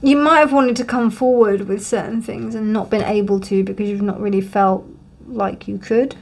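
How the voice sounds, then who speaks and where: Woman doing a chatty tarot reading, thinks out loud, lots of ums, soothing and upbeat, yawns here and there. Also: medium pitch, fairly even intonation, normal speed, gravelly. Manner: musing, reassuring, thinks aloud with many fillers; yawns often during readings. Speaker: tarot reader. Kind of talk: casual tarot reading to camera.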